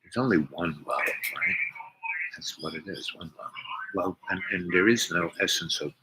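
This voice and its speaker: A man's voice: deep voice, normal speed. An older man telling a rambling personal story, meandering through restarts and asides. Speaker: speaker. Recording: noisy recording with clicks.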